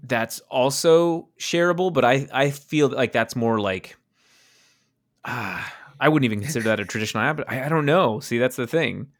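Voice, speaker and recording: A podcast co-host with a medium-pitched voice talks at normal speed in a casual chat. He rambles, second-guesses himself, and ends up talking in circles.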